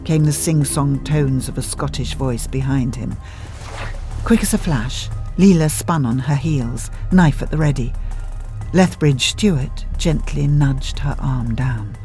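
A husky, slightly breathy voice reads a story aloud at a steady pace. The narration is scripted and evenly delivered, sitting at a middling pitch. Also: unhurried, faint music behind. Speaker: audiobook narrator.

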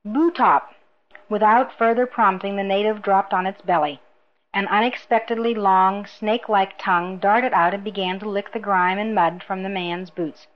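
A woman reading a novel aloud in a measured, even narration. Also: mid-range voice, lo-fi sound. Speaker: audiobook narrator. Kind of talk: scripted narration.

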